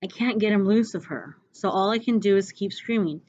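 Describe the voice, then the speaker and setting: A woman reading a novel aloud chapter by chapter, with expressive, dramatic delivery. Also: mid-range voice, fairly quick, few pauses, muffled recording. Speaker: reader.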